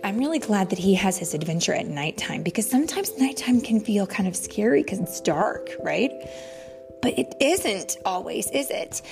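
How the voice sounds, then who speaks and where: A young mother reading a bedtime story to her child in a sing-song way, dropping into soft whispers. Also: medium pitch.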